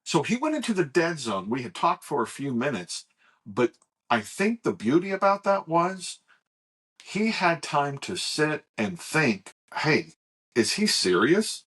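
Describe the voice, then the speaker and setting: A middle-aged man co-hosting a podcast, telling a personal story in a halting, animated way with frequent restarts. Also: on the high side, breathy edge. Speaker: podcast co-host. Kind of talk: casual chat, personal storytelling.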